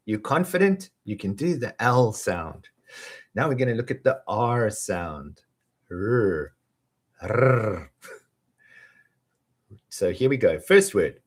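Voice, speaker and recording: Man, English tutor, lively rising and falling pitch, unhurried delivery, drilling words for learners. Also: breathy edge. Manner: slow, drawn-out drills, chuckling between tongue twisters. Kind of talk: pronunciation lesson with repeat-after-me drills.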